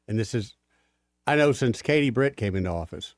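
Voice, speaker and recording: A man's voice: medium pitch, expressive, a little fast, no room sound, clean studio sound. A man co-hosting a talk radio show, giving blunt, opinionated takes in a casual chat. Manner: blunt, opinionated, laughs easily. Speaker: radio co-host. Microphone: studio microphone.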